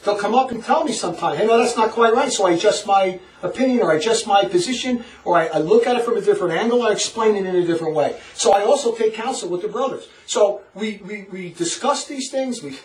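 A man giving a passionate religious lecture to a small group, animated and laughing often as he acts out quotes. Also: high-pitched, fast talker, few pauses, echoey room, distant mic, poor audio. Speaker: religious teacher.

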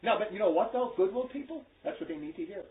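A man's voice: high-pitched, expressive, quick pace. A man preaching to a small group in a blunt, emphatic, scolding way. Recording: echoey tinny phone-like recording.

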